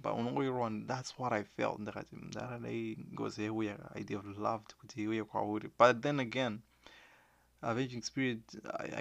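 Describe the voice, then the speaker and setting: Talking to viewers in an earnest, casual monologue, this Shona-accented Zimbabwean man mixes languages and stops and restarts as he goes. His lowish voice has vocal fry and a fairly bright tone, with no echo.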